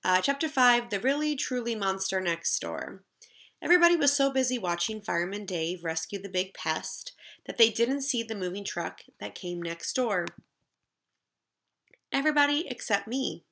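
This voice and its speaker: A woman teacher reading a chapter book aloud to young children in a slow, expressive storytelling way. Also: medium pitch.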